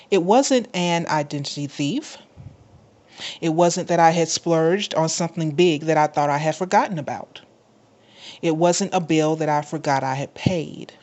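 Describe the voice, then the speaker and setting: A woman's voice: lowish voice, a little mellow. A woman speaker telling an emotional personal story, dramatically retelling her own words. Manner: emotional, dramatic retelling with vivid self-quotes. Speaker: podcast host, motivational speaker.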